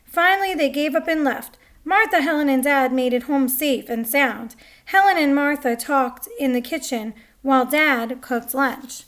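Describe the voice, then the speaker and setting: Bright, high-voiced woman reading a picture book. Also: unhurried. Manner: chatty, comments on the pictures. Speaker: story reader.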